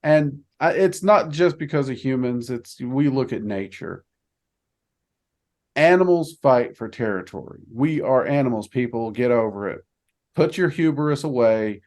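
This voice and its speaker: A man's voice: medium pitch, a little slow. A man from the United States hosting a casual talk, a chatty storyteller who acts out the people he quotes. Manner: chatty storyteller, quotes others in animated voices. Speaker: podcast host. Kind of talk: casual conversation.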